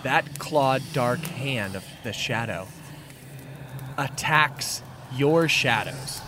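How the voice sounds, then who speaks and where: Male game master, slow lively narration, faint background hiss. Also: medium pitch. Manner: descriptive, unhurried scene-setting.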